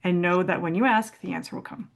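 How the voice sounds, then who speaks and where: A woman's voice: fairly low pitch, fast, creaky, highs cut off. A woman sharing her own experience in a spiritual conversation, speaking in an affirming, emphatic way. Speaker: co-host.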